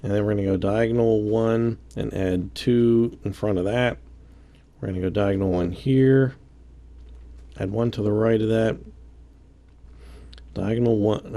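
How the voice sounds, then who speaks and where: Gravelly low-voiced man counting blocks aloud. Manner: counts aloud, relaxed and self-joking. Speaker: game building tutorial host. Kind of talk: casual step-by-step building commentary.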